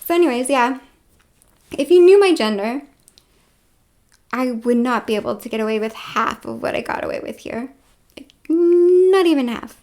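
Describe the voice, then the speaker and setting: A woman with a high voice talks straight to the camera in a loose, rambling monologue. She fills her talk with fillers and swings between loud stretches and hushed ones. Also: normal speed, pauses often. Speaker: vlogger.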